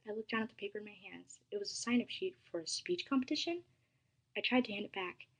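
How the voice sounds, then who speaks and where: A woman reads a first-person story aloud, soft and dramatic, with some passages sinking to a hush. Her voice is breathy and airy, at a middle pitch. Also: lively intonation, quick pace, rough recording.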